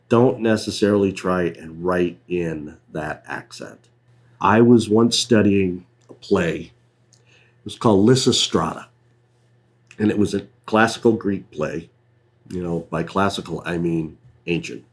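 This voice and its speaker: A man giving casual writing advice, telling anecdotes in an unhurried, storytelling way with frequent asides. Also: low voice. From New England, USA. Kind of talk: casual talk on writing craft.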